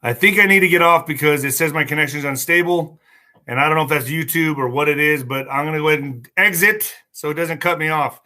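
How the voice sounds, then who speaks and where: A man hosting a political livestream, talking in an excitable, mocking, rambling way with many asides. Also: fairly high pitch, fast. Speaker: livestream host.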